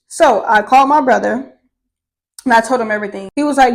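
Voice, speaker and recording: A young woman vlogger telling her own life story to camera in a candid, profane, animated way. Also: high voice, brisk, poor audio. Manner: candid and profane, swears freely; animated, with laughter.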